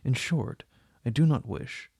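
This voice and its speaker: A man voicing an anxious, agitated young noblewoman who speaks rapidly, in an audiobook reading. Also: mid-range voice, animated, vocal fry, dark tone, breathy edge, no room sound, studio quality, full character voice. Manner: rapid, tense.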